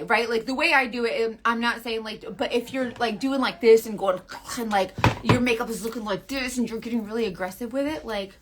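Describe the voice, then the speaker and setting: A woman in her thirties talking through a makeup tutorial in a chatty, playful, coaxing way, often dropping to a soft near-whisper. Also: fairly high pitch, a little fast, few pauses, a little hiss or hum. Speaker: makeup seller.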